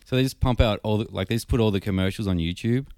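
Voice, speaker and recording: A man's voice: fairly low pitch, fast, darkish tone, dry recording. An Australian man co-hosting a casual podcast, laid-back and teasing, laughing often. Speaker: podcast co-host.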